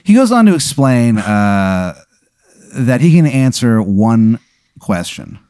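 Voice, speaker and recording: A man's voice: medium pitch, slow pace, smooth, no echo. A man hosting a comedy podcast, improvising a rambling story for his co-host. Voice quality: animated, rambling with fillers.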